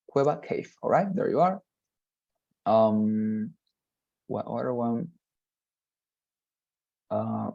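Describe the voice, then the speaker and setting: A man's voice: fairly low pitch, gravelly, mellow, highs cut off. Patient man tutoring on a video call. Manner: patient, explains slowly with many fillers and restarts. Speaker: English tutor. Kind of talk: one-on-one online lesson.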